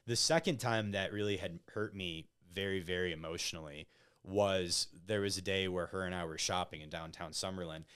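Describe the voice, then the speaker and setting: A low-pitched man recounts personal stories as a podcast guest in a loose, chatty way. His voice is smooth and resonant, and he keeps checking in with "right?" as he talks. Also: brisk, fairly bright tone. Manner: conversational, peppers stories with "like" and "right?". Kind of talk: casual interview storytelling.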